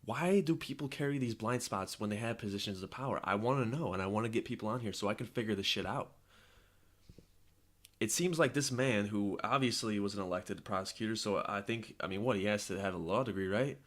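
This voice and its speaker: A man's voice: on the low side, brisk. A young man hosting a podcast, delivering a heated, profane political rant and repeating his points. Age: young adult. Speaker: podcast host.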